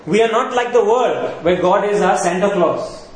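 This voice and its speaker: In an echoey church hall with faint noise, a pastor preaches a sermon in a high-pitched voice at normal speed. He poses rhetorical questions and repeats his points for emphasis.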